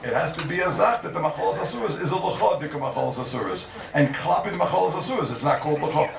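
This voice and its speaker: A man giving a Talmudic lecture to a class, animated and repeating his points for emphasis. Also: a little high, rapid-fire, creaky. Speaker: Talmud teacher. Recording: echoey room, distant mic, faint noise.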